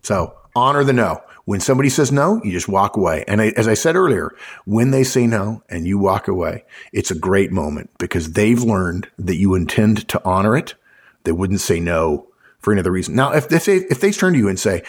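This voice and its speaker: Low husky guy talking shop on a podcast, plays out little dialogues with a chuckle. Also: animated, a little fast. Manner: acts out quoted dialogue with a chuckle. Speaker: podcast host. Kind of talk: conversational management advice.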